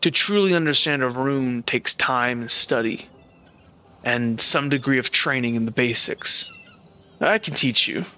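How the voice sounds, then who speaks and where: A man voicing a haughty masked male spirit who speaks stiffly and formally, slow and measured. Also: mid-range voice, sharp tone, smooth, muffled recording, pitched below the performer's own voice. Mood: lecturing.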